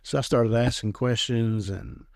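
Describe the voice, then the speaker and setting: A man's voice: medium pitch, a little slow, vocal fry, darkish tone, no room sound, clean studio sound. A middle-aged man, a guest telling his life story in a rambling, casual way, laughing often and acting out what others said. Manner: rambling, laughs often, acts out quoted talk. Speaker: guest giving a testimony.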